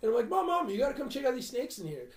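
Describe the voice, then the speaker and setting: A man's voice: very high-pitched, very animated, rapid-fire, roomy sound, over a noisy crowd. A man telling a long story in casual podcast chat, swearing and acting out what people said. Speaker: podcast host.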